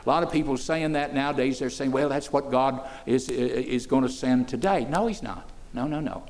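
An older man, preaching to children, moving between soft, folksy asides and loud, emphatic declarations. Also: mid-range voice, normal speed. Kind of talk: sermon to children.

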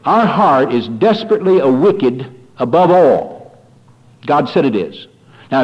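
Fiery preacher on lo-fi radio. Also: male voice, very animated, a little slow, husky. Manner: swings from low, quiet warnings to loud rising exhortation; addresses listeners as "folks", repeats phrases. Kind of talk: fiery revival sermon.

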